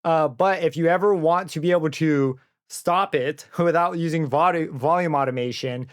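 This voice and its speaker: A man's voice: fairly high pitch, moderate pace, no echo. Casual man explaining a synth plugin. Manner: casual, thinking aloud with fillers and self-corrections. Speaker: plugin reviewer. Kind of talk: screen-recorded software tutorial. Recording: dry close mic with synth music under it.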